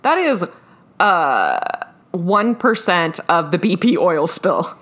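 A woman in casual chat, reacting with amusement and quick interjections. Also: on the low side, big pitch swings, fairly bright tone. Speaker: podcast co-host.

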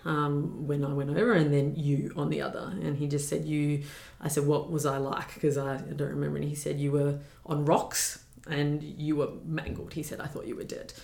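A young woman shares a personal story as a podcast guest in a deep, level, slightly mellow voice with a gravelly edge. Earnest and reflective, she lingers on filler words, and the room around her echoes.

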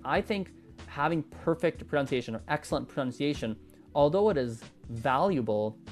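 Solo podcast host, male, mid-pitched, rambling and self-correcting, faint music under the voice. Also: a little mellow. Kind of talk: improvised solo podcast talk.

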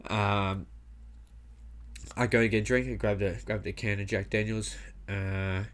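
Man, young adult, fairly low voice, loose rambling storytelling, swears a lot, frequent fillers. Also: flat delivery, a little slow. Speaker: comedian. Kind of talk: casual storytelling monologue.

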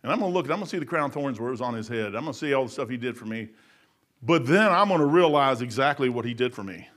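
A man preaching a folksy, animated sermon, acting out voices and laughing as he goes. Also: mid-range voice, fast. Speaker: lay preacher.

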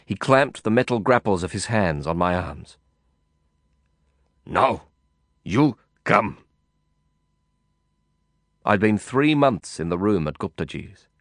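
A man reading a first-person novel aloud in a measured, brooding way. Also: low-pitched, expressive, no echo, clean studio sound. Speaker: audiobook narrator.

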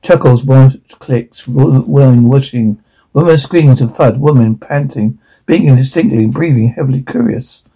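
A man's voice: medium pitch, moderate pace, mellow, slightly rough, low-quality recording. A man reading a drama's titles, sound cues and stage notes aloud in a matter-of-fact way. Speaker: reader of a drama script.

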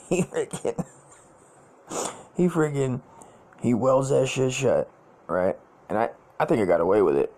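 A man with a gravelly, mid-pitched voice tells a personal story on his podcast. He rambles, swears freely and circles back over the same phrases. He often breaks into laughter as he talks. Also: a little mellow. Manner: profane, rambling, repeats himself, laughs often. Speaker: podcast host.

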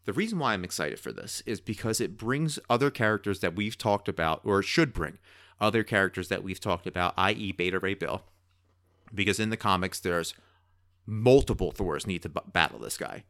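A man co-hosting a podcast in casual chat, talking in an excitable, rambling way. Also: low-pitched, normal speed, creaky, dry recording, studio quality. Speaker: podcast co-host.

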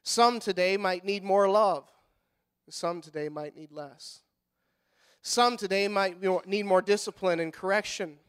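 A middle-aged pastor preaching a sermon in a folksy manner, rising to loud fervent passages and dropping to quiet, soft-spoken stretches. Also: male voice, high-pitched, measured pace, clean tone. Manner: folksy, repeats words when fired up.

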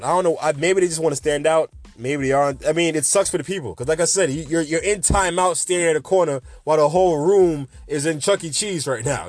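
A man's voice: a little high, no echo. A man in his twenties hosting a podcast, rambling through a late-night rant in a jokey, sarcastic way. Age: 20s. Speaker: podcast host.

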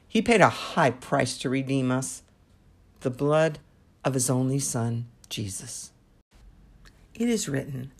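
A woman's voice: a bass voice, expressive, breathy edge. A woman hosting a devotional podcast, telling a story and drawing a faith lesson from it. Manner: slow and deliberate.

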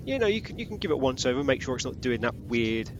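A man's voice: medium pitch, big pitch swings, fast talker, muffled recording, a crowd in the background. A man running a tabletop role-playing game as game master, narrating in a rambling, casual way. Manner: rambling, casual, full of fillers.

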